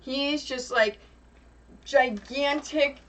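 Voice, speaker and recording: Young female streamer, rambling and chatty, pitched a bit high, recorded at a distance. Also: drawn-out words. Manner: chatty and rambling, breaks off to hush her pets. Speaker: streamer host. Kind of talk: casual livestream chat. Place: home craft room. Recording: distant mic with steady background noise.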